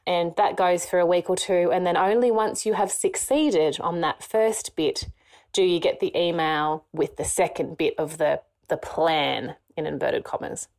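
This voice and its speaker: A woman's voice: fairly low pitch, a little slow, darkish tone. A woman co-hosting a podcast, delivering an indignant, sarcastic rant. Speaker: podcast co-host.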